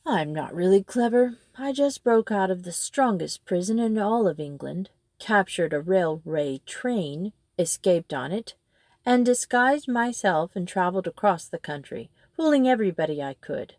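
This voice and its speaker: A woman's voice: medium pitch, animated, moderate pace, a little mellow, no room sound, clean studio sound, natural voice. A woman voicing a headstrong, boastful male toad who talks in a gushing, dramatic way.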